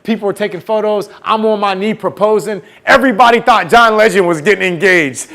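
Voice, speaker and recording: A man's voice: sits high, fairly quick, fairly bright tone. A man who is a motivational speaker, telling a story on stage to students. He acts out the voices of the people in it and calls on the crowd to answer back. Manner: calls out to the audience and gets them to answer back. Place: campus event hall.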